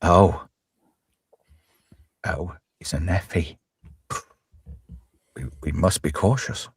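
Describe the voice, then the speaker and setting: A man's voice: deep voice, slow pace, husky, dry recording. A man hosting a casual livestream chat show, joking around and rambling, with frequent laughs and restarts. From lived in Alberta, Canada. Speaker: host.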